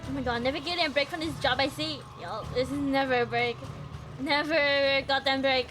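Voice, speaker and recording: A young woman streaming a game, talking excitably and panicky, laughing and swearing often. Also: high voice, fast. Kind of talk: live gameplay commentary. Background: game music.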